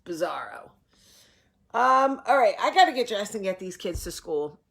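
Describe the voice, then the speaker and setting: A woman's voice: a little high, animated, moderate pace, creaky, a bit bright. A woman from New Jersey in her forties, chatting casually to camera and acting out the people in her stories. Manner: chatty storyteller, acts out voices in anecdotes. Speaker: vlog host. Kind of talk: casual morning chat to camera.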